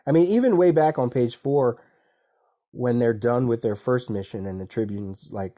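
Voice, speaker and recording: A man co-hosts a comics podcast, recapping issues in a casual way and acting out the dialogue in character. His voice is medium in pitch and moves at a normal speed. He's animated and restarts his sentences a lot.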